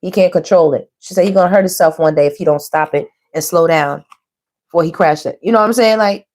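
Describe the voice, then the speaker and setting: A woman's voice: fairly low pitch, fast talker. A middle-aged woman, a tarot reader talking casually and animatedly to her viewers and calling them baby and girl. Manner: chatty and animated, calls listeners baby and girl, laughs often.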